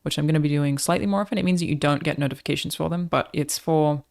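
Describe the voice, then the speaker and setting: A woman's voice: low-pitched, fast, creaky, a little mellow. An Australian woman streamer chatting casually with her live audience, swearing freely as she talks.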